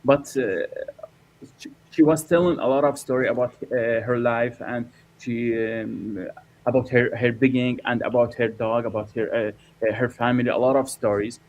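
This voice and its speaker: Halting filmmaker. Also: male voice, medium pitch, steady tone, a little mellow, muffled recording, slight background noise. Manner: halting, many fillers and restarts. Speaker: documentary filmmaker. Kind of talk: interview answers.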